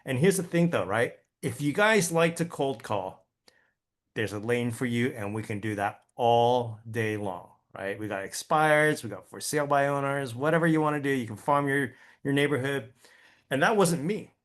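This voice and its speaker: Real estate agents are the audience for this man's informal training talk, delivered at a moderate pace in a medium-pitched voice with lively intonation. Chatty and constantly asking "right?", he stumbles and repeats himself now and then.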